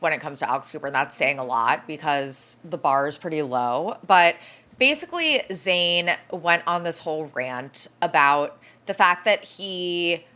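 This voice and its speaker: Animated woman gossiping on a podcast. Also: low voice, measured pace. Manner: animated, frequent "like", blunt swearing. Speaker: podcast co-host. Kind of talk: casual pop-culture gossip chat.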